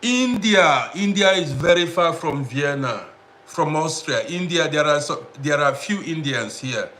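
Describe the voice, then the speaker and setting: A man chats with his audience on a casual livestream, calling out viewers by name and saying things more than once. His voice is on the high side and a bit bright. He speaks unhurriedly.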